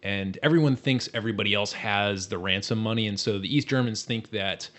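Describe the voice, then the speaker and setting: A man's voice: on the low side, fairly quick, fairly bright tone. A man hosting a casual podcast, eagerly retelling a favorite movie scene and often repeating words as he goes. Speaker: podcast host.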